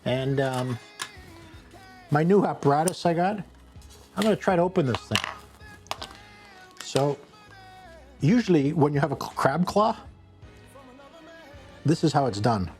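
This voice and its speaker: A man hosting a casual cooking vlog from a home kitchen, rambling and joking at his own expense, with sudden excited bursts. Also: fairly high pitch, measured pace, pauses often, soft background music. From Canada.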